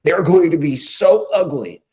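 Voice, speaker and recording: A man's voice: a little high, expressive, normal speed, dark tone, rough recording. A man giving emphatic, combative political commentary as a guest on a talk show. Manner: emphatic, combative, punchy rhetoric.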